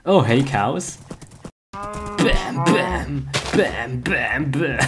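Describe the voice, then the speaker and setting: A man's voice: a little high, very animated, drawn-out words, over a noisy crowd, full character voice. A man playing a cheerful young game hero who giggles and talks through each step in a comic skit. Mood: giggly.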